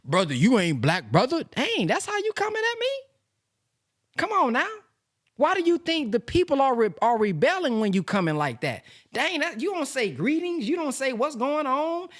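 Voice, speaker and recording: A man presenting a sales lesson from slides in a lively, casual way, with slang, talking straight to his audience. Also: extremely high pitch, normal speed. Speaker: presenter teaching a sales system.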